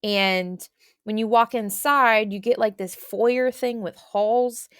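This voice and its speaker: A woman's voice: on the high side, slow pace, clear, resonant tone, no echo, studio quality. A woman co-hosting a podcast, telling a story casually and rambling with many filler words. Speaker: podcast co-host.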